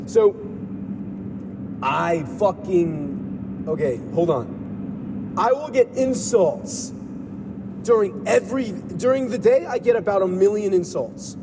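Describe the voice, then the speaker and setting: A man with a high voice and a sore throat talks in a loose, profane stream of consciousness that keeps slipping into rhymes. His voice carries a long reverb, and vehicle noise runs clearly behind it. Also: lively intonation, takes it slowly, pauses often. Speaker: podcast host. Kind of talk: rambling monologue.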